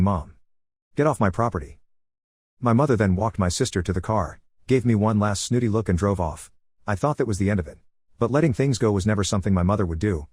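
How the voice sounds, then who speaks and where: A man narrating a first-person story in a brisk, matter-of-fact manner. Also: lowish voice, darkish tone, no echo, studio quality. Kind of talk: scripted narration of a reddit story.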